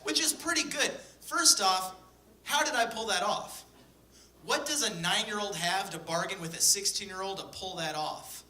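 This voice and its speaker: A young man tells stand-up stories in a deadpan, profane way, acting out bits of dialogue. His voice is very bright and cutting. It is heard from a distance in an echoey live room. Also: high voice, normal speed, slight background noise. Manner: profane, deadpan storytelling with acted-out quotes. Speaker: stand-up comedian. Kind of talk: stand-up storytelling. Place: comedy stage before a live audience.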